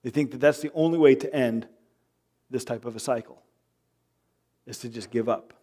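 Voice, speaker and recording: In a church sanctuary, a male pastor preaches with a medium-pitched voice at normal speed. He's lively and jokey with the congregation, voicing quoted arguments himself.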